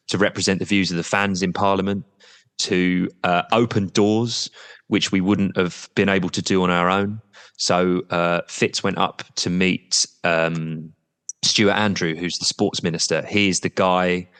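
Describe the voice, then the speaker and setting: A man's voice: deep voice, a bit bright, in a large hall. A man representing a football supporters' trust as a podcast guest, talking candidly and at length, with the odd blunt swear word.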